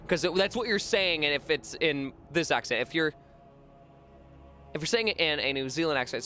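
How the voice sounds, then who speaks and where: A man's voice: a little high, expressive, moderate pace, sharp tone, soft background music. A male streamer chatting casually on a live gaming stream, swearing freely and repeating words over and over to test how to say them.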